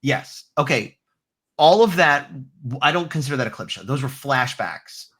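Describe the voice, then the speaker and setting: Animated, bright-voiced man reviewing a show. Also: mid-range voice, moderate pace, slightly rough. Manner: animated, rambling with many restarts. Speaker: podcast co-host reviewing episodes. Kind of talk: casual chat.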